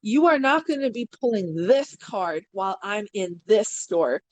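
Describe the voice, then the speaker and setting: A woman guest on a podcast, telling a story in casual chat, animated and blunt, acting out quotes and swearing freely. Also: unhurried, rough recording. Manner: animated, acts out quotes with big pitch swings.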